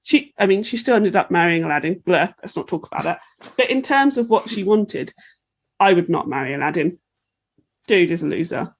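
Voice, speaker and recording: A woman's voice: fairly low pitch, expressive, moderate pace. A woman co-hosting a casual podcast chat, ranting and swearing freely, often sliding into mocking impressions. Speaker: podcast co-host.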